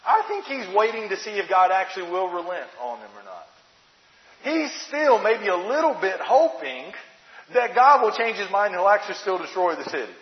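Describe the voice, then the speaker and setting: Male preacher, high lively voice, conversational sermon, rhetorical questions, echoey hall, muffled sound.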